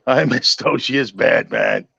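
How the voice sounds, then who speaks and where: A man's voice: medium pitch, slow pace, vocal fry, a bit bright, husky, dry recording, highs cut off. An older man chatting casually as a guest, nostalgic and rambling, often calling people "man.". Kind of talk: casual chat.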